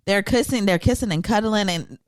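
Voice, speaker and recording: A woman hosts a casual podcast and tells stories with animation, jumping into other people's voices. Her voice sits at an ordinary middle pitch. The sound is close and dry. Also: brisk, clear, resonant tone, dry recording. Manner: animated storyteller who acts out voices. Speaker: podcast host.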